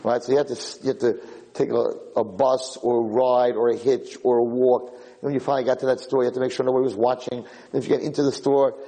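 A man giving a Torah lecture, telling stories with lively acted-out dialogue and often repeating and restarting his phrases. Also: mid-range voice, quick pace, rough recording. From United States. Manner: animated storytelling with acted-out dialogue.

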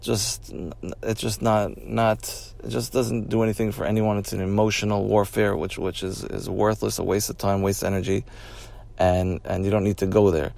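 A man's voice: on the low side, gravelly, darkish tone, no room sound. A man hosting an advice podcast, talking it through in a repetitive way and restarting his phrases as he explains. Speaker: podcast host.

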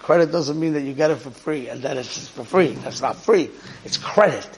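A man's voice: a little high, brisk, vocal fry, slight background noise, low-quality recording. A man teaching a Torah lesson, explaining steadily and repeating key words as he goes. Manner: explanatory, repeats key words, mixes Hebrew and Yiddish terms. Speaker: rabbi teaching a class.

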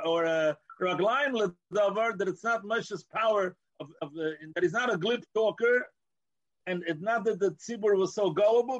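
A man's voice: high voice, dull audio. A man teaching a Torah class, explaining as he goes and mixing in Hebrew and Yiddish terms, with frequent restarts.

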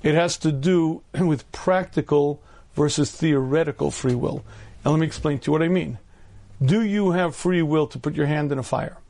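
A man in his fifties, a rabbi giving a storytelling Torah lecture, often clearing his throat and using humor. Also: fairly high pitch, normal speed, darkish tone. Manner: humorous, acts out voices in anecdotes.

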